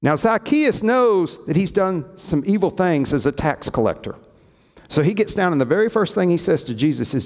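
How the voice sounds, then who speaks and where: Gravelly-voiced man preaching in a hall. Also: sits high, big pitch swings, normal speed, darkish tone. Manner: storytelling, acts out quoted lines. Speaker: pastor. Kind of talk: sermon. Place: church sanctuary. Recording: echoey church hall.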